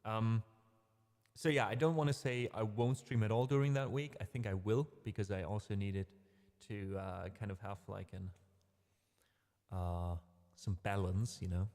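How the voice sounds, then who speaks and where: A man's voice: on the low side, steady tone, moderate pace, a little mellow, long reverb tail. A man hosting a casual music livestream, rambling a little, correcting himself and talking to his chat in a friendly way. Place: home streaming room.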